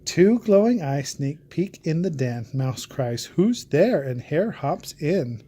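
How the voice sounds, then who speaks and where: Slow, low-voiced woman reading a rhyming storybook. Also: animated, warm tone. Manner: rhythmic, sing-song rhyme reading. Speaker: storybook reader. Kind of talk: reading a picture book aloud.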